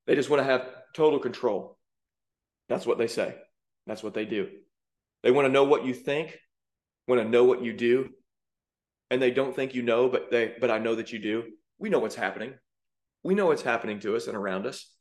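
A man's voice: mid-range voice, a little fast. A man preaching with fiery indignation, rising to emphatic peaks as he reacts to song lyrics. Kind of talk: sermon-style commentary.

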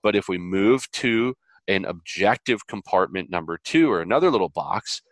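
A man as an interview guest, talking earnestly and animatedly, with lively quoted voices and preacher-like biblical illustrations. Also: low-pitched, moderate pace, no echo. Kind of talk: conversational interview.

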